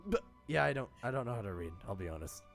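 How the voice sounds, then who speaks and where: A man's voice: mid-range voice, sing-song, fast, creaky, soft background music. A man narrating as game master in a casual tabletop game, laughing often as he talks.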